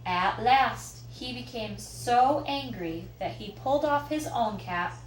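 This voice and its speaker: A woman reading picture books aloud to children, expressive and asking listeners questions. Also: medium pitch, slow pace, few pauses. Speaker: children's story reader. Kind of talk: picture book read-aloud. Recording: roomy echo, faint background noise.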